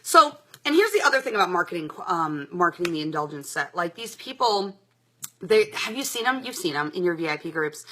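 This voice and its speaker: A woman's voice: on the low side, pushed and bright. A young adult woman giving a live product demo as a sales presenter, chatty and upbeat, with lots of "like" and "um". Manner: chatty and upbeat, many fillers like "like" and "um".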